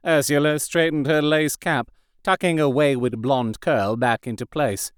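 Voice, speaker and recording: A man narrating a historical romance audiobook in an expressive storytelling manner. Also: fairly high pitch, unhurried, smooth, dry recording, clean studio sound. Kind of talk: scripted narration.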